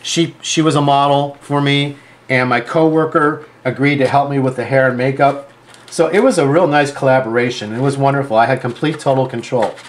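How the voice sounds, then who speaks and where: A sewing designer with a medium-pitched voice speaks briskly to camera, telling a story in a chatty, rambling way. He's animated and acts out the quoted dialogue.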